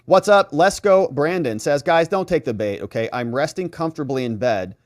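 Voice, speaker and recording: A man with a higher-than-average voice hosts a live stream at a moderate pace, chatting casually and reading viewer comments aloud with sarcastic asides. The recording is dry and studio quality.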